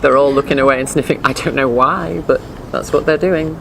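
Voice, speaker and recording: A woman teaching a dog behavior class in a chatty, animated way, often acting out voices. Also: rumbling low, brisk, gravelly, noisy background. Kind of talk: informal lecture with slides.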